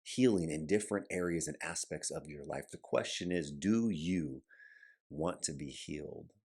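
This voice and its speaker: A man preaching with a very low, husky voice that sits deep in his chest. He talks earnestly and directly to his listeners, and now and then he briefly takes on the voices of people he quotes. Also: moderate pace, darkish tone. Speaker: pastor. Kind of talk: sermon.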